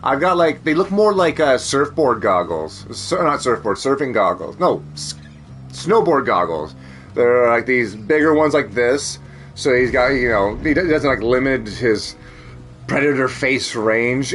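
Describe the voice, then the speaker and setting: A man's voice: mid-range voice, a bit bright. A man chatting casually as a streamer, rambling, joking and swearing freely. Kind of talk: casual chat.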